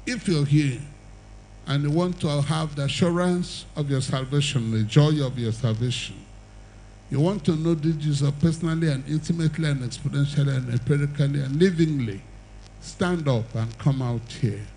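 A man's voice: on the high side, moderate pace, dark tone, slight background noise, poor audio. An older man preaching an evangelistic sermon and altar call, with emphatic, repetitive exhortation and the odd chuckle.

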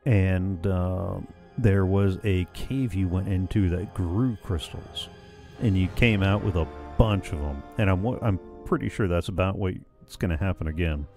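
A man hosting a let's-play, talking through a video game casually in a relaxed, wry manner and thinking aloud. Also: low-pitched, a little slow. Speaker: gaming let's-play host. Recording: voice over game audio with faint music.

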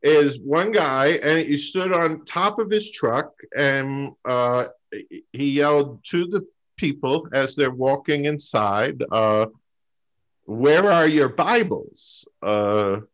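A man doing a stand-up story over a video call, halting, with lots of fillers and pauses. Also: medium pitch, fairly bright tone, poor audio. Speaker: stand-up comic.

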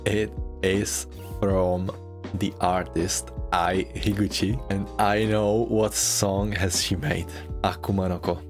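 A man with a low voice talks slowly and casually as he reacts to anime. He gushes and gets excited, leaping into high squeals and laughs before settling back down. Anime music plays clearly behind him. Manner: gushing, excitable, with sudden high-pitched outbursts and laughs. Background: anime music playing.

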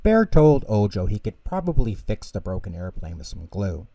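A man reading a children's bedtime story aloud as storyteller, calm and lilting. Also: fairly low pitch, moderate pace.

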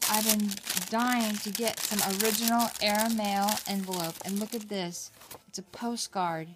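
A middle-aged woman vlogger opening a craft gift package at home, gushing with excitement and gasping over each item. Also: mid-range voice, moderate pace, background noise. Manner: gushing, excited, gasps often. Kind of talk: casual unboxing chat.

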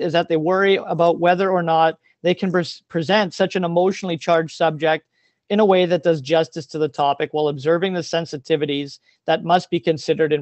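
A man's voice: fairly high pitch, darkish tone, no room sound. A man, a teacher giving an earnest, openly emotional presentation over a video call, with many ums.

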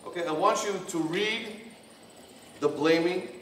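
A man's voice: sits high, measured pace, fairly bright tone. A man, a rabbi, leading a couples workshop and reading points aloud, then explaining them in plain, repetitive phrasing. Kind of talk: workshop lecture. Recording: echoey room, distant from the mic, faint hum.

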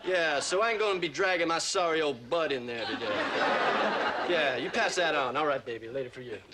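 Over-the-top slangy caller voice put on by a man, high and hissy, comic impression. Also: expressive, brisk, natural voice. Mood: mocking. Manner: exaggerated slangy drawl, laughing through it. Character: jive-talking slacker imitating a friend on the phone. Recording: noisy old TV soundtrack.

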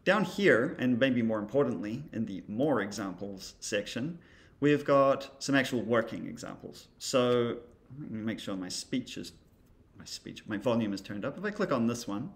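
A man's voice: medium pitch, lively intonation, normal speed. A man teaching creative coding in a casual screen-recorded tutorial, thinking aloud as he demonstrates, with a wry, dry humor.

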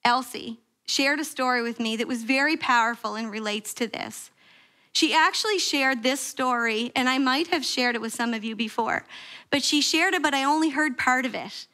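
A woman pastor giving a sermon, telling a story with lively acted-out quotes and questions to the congregation. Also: normal speed. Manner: animated storytelling, acting out quoted prayers with sharp pitch jumps. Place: church sanctuary.

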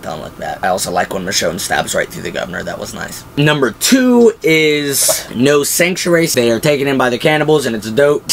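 A man giving a casual, excitable recap of TV episodes, acting out the quotes as he goes. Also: medium pitch, slight background noise. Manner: excitable, acts out quotes from the show. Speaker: video host.

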